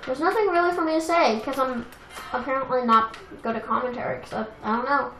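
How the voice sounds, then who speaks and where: Bright, high-voiced young woman gamer. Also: fast. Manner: chatty, self-deprecating, excitable outbursts. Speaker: let's play gamer. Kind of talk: casual game commentary. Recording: echoey room with game music.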